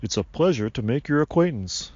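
A man voicing a booming, gruff tree spirit. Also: lively intonation, brisk, darkish tone, no room sound, lo-fi sound. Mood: sweet.

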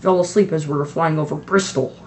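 Big soft-hearted giant, loud, humble, teen reader doing him, kinda high, faint hiss. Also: fairly even intonation, a little fast, lightly acted. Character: big gentle rough male giant, tearful. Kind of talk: amateur audiobook reading.

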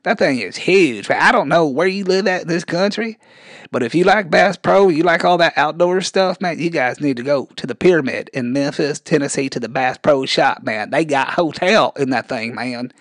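A man's voice: fairly high pitch, normal speed, no echo, lightly acted. A man playing a scrawny, touchy rural character, who rambles and drawls and keeps saying "man". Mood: defensive. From rural Arkansas. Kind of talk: comedic character interview.

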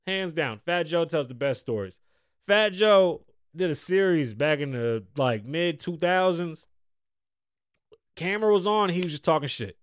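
A man's voice: fairly high pitch, expressive, measured pace, no room sound, studio quality. A man hosting a podcast in casual chat, rambling and swearing freely as he reads and reacts to stories. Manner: rambling, profane, laughs at his own stories. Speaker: podcast host.

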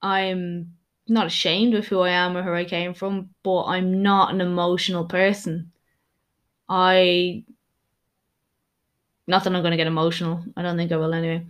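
A young woman coach hosts a solo podcast, speaking in a slightly low voice. She talks in a frank, candid way and rambles, often restarting her sentences mid-thought. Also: flat delivery, normal speed, long pauses. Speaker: podcast host and personal trainer. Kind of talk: casual solo podcast monologue.

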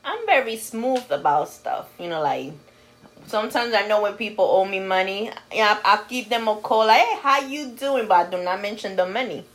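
A woman's voice: medium pitch, animated, normal speed. A woman co-hosting a podcast, playful and teasing in casual chat. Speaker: podcast co-host.

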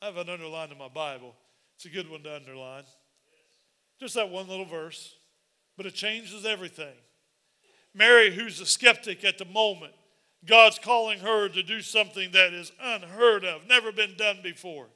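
A man preaching a sermon as pastor, animated and repetitive, building up to shouts. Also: high voice, moderate pace.

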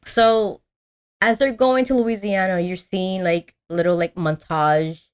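A young adult woman host recapping a movie in casual chat. She talks in an animated, slangy way, with lots of fillers and restarts. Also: mid-range voice, takes it slowly. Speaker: podcast host.

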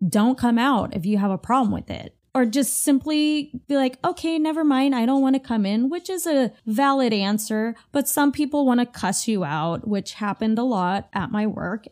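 A woman's voice: mid-range voice, a little mellow. A woman hosting a solo podcast, ranting bluntly with heavy swearing in a casual, fired-up way. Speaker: podcast host; retail worker.

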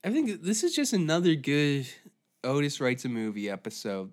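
A man hosting a podcast who rants in a profane, rambling, animated way. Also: medium pitch, a little slow. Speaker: podcast host. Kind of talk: comedic rant.

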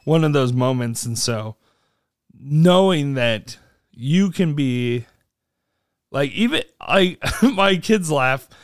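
Podcast co-host, man, higher voice, lively storyteller who acts out quotes; dry, close recording. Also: takes it slowly, clean tone, no echo. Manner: animated, acts out quotes with big pitch jumps. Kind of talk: casual storytelling chat.

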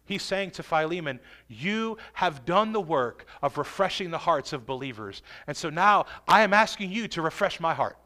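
A man preaching from the pulpit in a high, bright, ringing voice. He leans hard into key phrases, stretching them out, then drops low and quiet. Earnest, emphatic sermon delivery. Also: lively intonation, normal speed, few pauses. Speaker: pastor.

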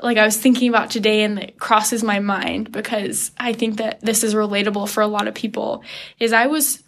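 Young woman guest, earnest animated storyteller, a touch high-voiced. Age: young adult. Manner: earnest, animated retelling with quoted inner thoughts and laughs. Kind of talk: casual interview storytelling.

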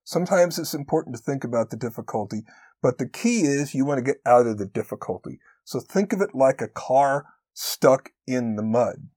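A man's voice: mid-range voice, lively intonation, darkish tone, no echo. Earnest encouraging man, dry close sound. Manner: earnest, encouraging, slows down to stress key points. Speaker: podcast co-host. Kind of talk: conversational podcast talk.

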